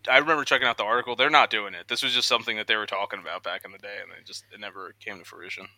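A young man co-hosting a casual podcast, chatting excitedly about news and acting out quotes in voices. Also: on the low side, very fast, slight background noise. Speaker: podcast co-host.

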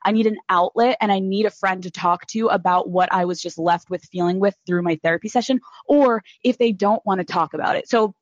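A woman hosts a podcast in loose, casual chat, gushing over her guests and dropping swear words freely. Her voice sits at a middling pitch, and the sound is dull and lo-fi with a dry, close feel. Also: a little fast, few pauses, no room sound. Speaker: podcast host.

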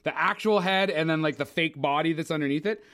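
Man, fairly high voice, casual film-podcast chat, sharing trivia. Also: a bit bright. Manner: talkative, trivia-sharing, quick agreements. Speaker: podcast co-host.

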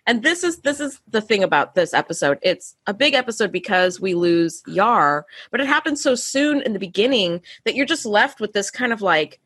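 A woman co-hosting a casual chat, with a bright, slightly husky voice. Her pitch moves all over as she talks. She laughs often and jumps into high, mocking impressions of characters. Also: big pitch swings, normal speed, hardly any pauses. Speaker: podcast co-host.

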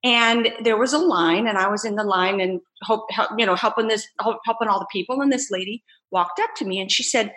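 A woman entrepreneur telling her story in a casual interview, animated and laughing as she acts out quoted voices. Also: fairly high pitch, fairly quick. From United States. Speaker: entrepreneur guest.

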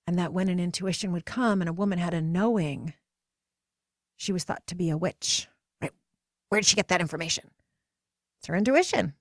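A pregnant woman in her forties hosting a podcast, telling a personal story in an earnest, emotional way, her voice climbing higher when she gets passionate. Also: fairly quick, pauses often, dry recording, clean studio sound. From United States. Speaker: podcast host.

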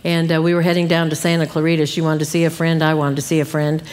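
Middle-aged woman, Bible teacher, emphatic animated sermon, long hall reverb. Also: sits low, fast. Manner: emphatic, animated, addresses her listeners directly. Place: church hall at a live conference.

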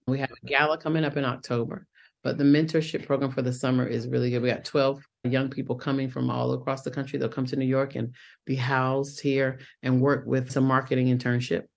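A woman's voice: a bass voice, gravelly. A woman with a Southern accent, a Broadway actress chatting casually as an interview guest over a video call, calling people honey. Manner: warm, chatty, calls people honey and boo.

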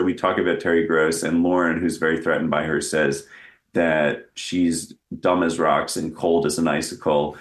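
Deep-voiced, rambling man in an echoey room. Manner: rambling and self-deprecating, with many restarts. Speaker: guest actor. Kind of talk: casual interview conversation.

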